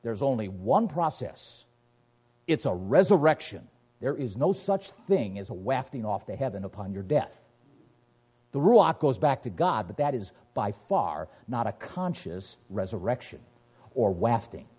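A man's voice: mellow, breathy edge. A man preaching a sermon, emphatic, firing rhetorical questions and reading scripture aloud. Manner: emphatic, rhetorical questions, sweeping pitch swings.

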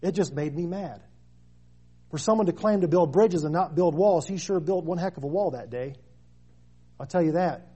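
Husky man preaching with emphatic repetition. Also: a little high, normal speed, long pauses, warm tone. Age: 30s. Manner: preaching with rising emphatic stresses and repeated phrases. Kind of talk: sermon.

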